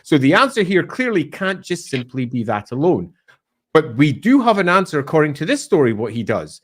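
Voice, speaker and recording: A man co-hosting a podcast, retelling lore in a casual, animated way with playful asides. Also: fairly high pitch, brisk. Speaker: podcast co-host.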